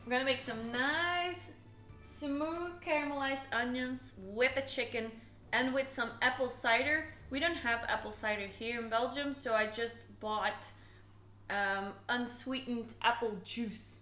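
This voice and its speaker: Chatty high-voiced woman streaming her cooking. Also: unhurried, sharp tone, echoey room, faint music behind. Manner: chatty, self-teasing, giggly. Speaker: cooking livestreamer. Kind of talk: casual live cooking stream chat. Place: home kitchen.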